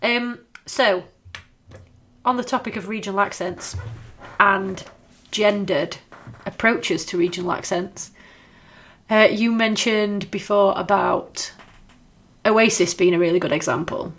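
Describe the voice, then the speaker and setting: A woman, co-hosting a relaxed chat, agreeable with blunt asides. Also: mid-range voice, unhurried, pauses often. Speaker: podcast co-host. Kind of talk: casual chat.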